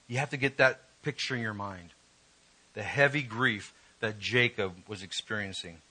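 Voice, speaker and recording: A male preacher giving an emotional, emphatic sermon, reading scripture and rising in pitch when stirred. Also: moderate pace, pushed and bright, husky, low-quality recording.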